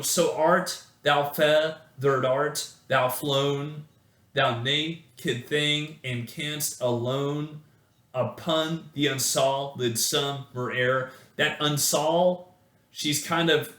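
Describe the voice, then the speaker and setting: A man's voice: medium pitch, fairly bright tone. Man, casual poetry lecture, chatty and informal, mid-range voice, echoey room. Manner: informal, chatty, full of restarts and asides.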